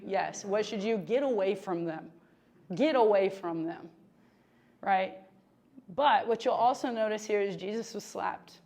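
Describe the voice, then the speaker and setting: A woman giving a relaxed, conversational sermon at a middle pitch. She talks in a chatty, animated way, full of fillers and quick asides to the people listening. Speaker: preacher.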